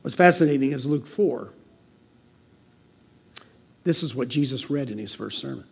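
An older American man delivering a sermon as pastor, conversational and anecdotal, with a gravelly voice. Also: medium pitch, animated, normal speed. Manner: conversational preaching with personal anecdotes.

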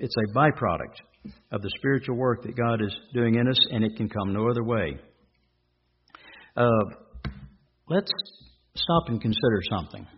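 A man's voice: mid-range voice, muffled recording, a little hiss or hum. A man preaching a sermon, asking rhetorical questions and repeating his points for emphasis.

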